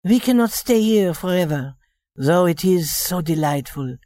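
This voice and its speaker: A woman's voice: lowish voice, expressive, measured pace, dark tone, no room sound, clean studio sound. A woman voicing a young shop girl posing as a rich lady, speaking politely in a scripted story reading. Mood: genteel. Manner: polite, genteel, then plainly candid.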